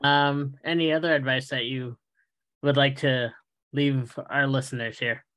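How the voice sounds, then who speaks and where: A male podcast host with a bright, forceful voice speaks very slowly. He prompts his guest with a relaxed closing question. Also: medium pitch. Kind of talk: interview.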